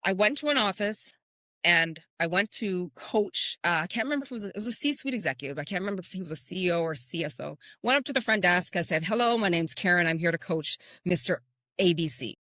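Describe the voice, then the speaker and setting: Low-voiced woman, dry close sound. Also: fast talker, no room sound. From Canada. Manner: earnest, lively storytelling with rhetorical questions. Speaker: podcast host and confidence coach. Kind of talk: motivational podcast talk.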